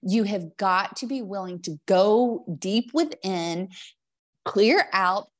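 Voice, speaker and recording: A woman podcast host talking reflectively and earnestly, sometimes searching for her words. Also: medium pitch. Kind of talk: reflective interview conversation.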